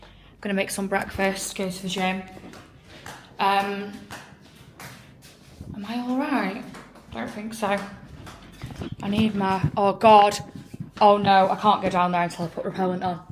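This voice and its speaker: In an unhurried, steady mid-range voice with long pauses, a young Englishwoman with an English accent gushes to her phone camera in a casual travel vlog, filling her speech with "like" and "oh my God"; a faint hiss or hum sits underneath.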